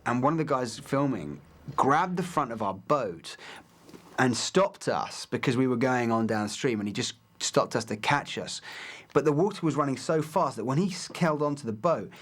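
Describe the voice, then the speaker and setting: A man's voice: mid-range voice, expressive, moderate pace. Laid-back slangy man telling a stunt story. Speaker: stunt double. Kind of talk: casual interview anecdote.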